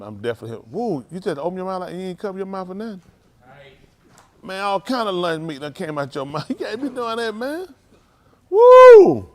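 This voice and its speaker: A man leading a youth group at a congregation, bantering and teasing the young people before opening a Bible lesson. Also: on the high side. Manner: playful, teasing, banters with the audience.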